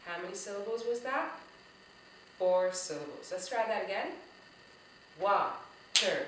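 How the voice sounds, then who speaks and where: A woman teaching a children's music lesson, speaking slowly, patiently and with clear articulation. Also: mid-range voice, very noisy. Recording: echoey room, voice a bit far from the mic.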